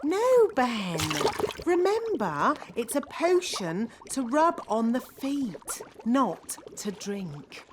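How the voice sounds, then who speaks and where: A woman's voice: fairly high pitch, sing-song, very slow, noisy background, heavily acted. A woman voicing a bossy, scatterbrained fairy nanny in a children's cartoon, chirpy and sing-song. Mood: fussy. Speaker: Nanny Plum.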